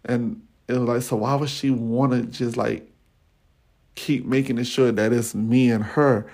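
Brief: male podcast host recounting his childhood, relaxed and slangy, with a fry in his voice. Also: medium pitch, measured pace. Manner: casual, slangy, animated retelling with many fillers. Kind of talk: personal storytelling.

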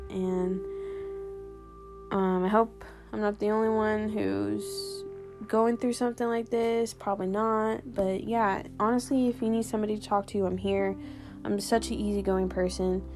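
A young woman hosting her own podcast, talking candidly and ramblingly about personal experience, with lots of "like" and casual swearing. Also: medium pitch. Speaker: podcast host.

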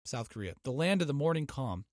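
A young man hosting a podcast, ranting in a profane, mocking way that swings from loud outbursts to low muttering. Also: big pitch swings, a little fast, no echo, studio quality. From United States. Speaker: podcast host. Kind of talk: profane comedic rant.

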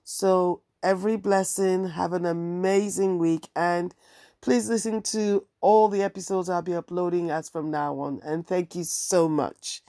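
A woman's voice: on the low side, steady tone, unhurried, mellow, no room sound, studio quality. A woman hosting her own podcast, talking candidly in a wry, ranting monologue. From African heritage. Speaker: podcast host and bookseller.

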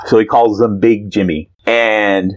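A man's voice: on the low side, steady tone, measured pace, dull audio. A man co-hosting a podcast, recapping a comic in casual, teasing chat with plenty of hesitations. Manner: playful, teasing, hesitant with fillers. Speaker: podcast co-host.

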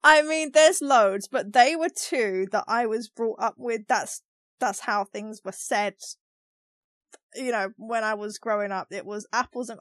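This English co-host speaks in Cockney, her voice slightly high, a touch slow and fairly bright. She keeps the podcast talk casual, laughing a lot while using examples to make her points, and there's no echo at all.

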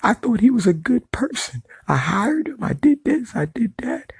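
A man's voice: sing-song, moderate pace, creaky, slightly rough, no echo, exaggerated voice. A man mimicking a whiny lying boss. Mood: whining. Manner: mocking high falsetto whine. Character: whiny, lying male work supervisor playing the victim.

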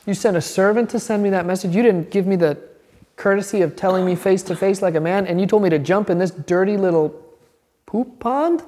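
A man's voice: high-pitched, brisk, mellow. Man voicing a proud commander, scoffing and exasperated, with some room echo. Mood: indignant. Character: proud indignant army commander, grown man.

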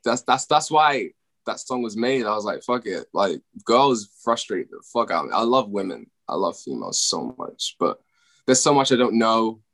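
A man's voice: lowish voice, big pitch swings, moderate pace, fairly bright tone. Laid-back young British man. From United Kingdom. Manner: laid-back, swears freely, laughs often. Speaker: musician guest. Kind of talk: casual interview chat.

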